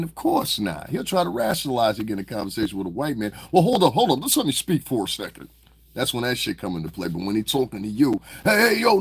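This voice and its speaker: A man's voice: on the low side, breathy edge, dry recording. A man hosting a livestream, ranting at his chat in a profane, confrontational and mocking way, often repeating himself. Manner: repetitive, rambling. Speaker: livestream host. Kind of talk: livestream rant answering chat.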